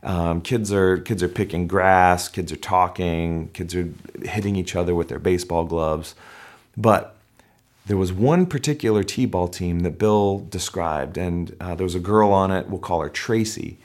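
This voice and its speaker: A middle-aged male pastor giving a sermon, telling a story with animated delivery and shouting out the crowd's cheers. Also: low voice, measured pace.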